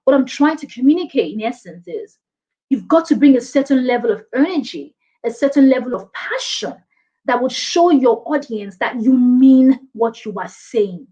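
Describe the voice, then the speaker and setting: A Nigerian woman giving a lively online workshop on presentations, emphatic and animated, often laughing and mimicking others. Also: fairly high pitch, highs cut off. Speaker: presentation skills speaker. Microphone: video call.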